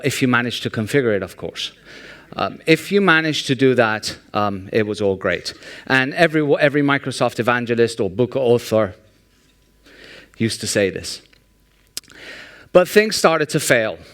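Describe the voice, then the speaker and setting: Conference speaker, man, dry sarcastic humor, smooth clear voice, middle pitch, animated anecdotes. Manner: sarcastic, joking, animated storytelling. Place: large conference hall.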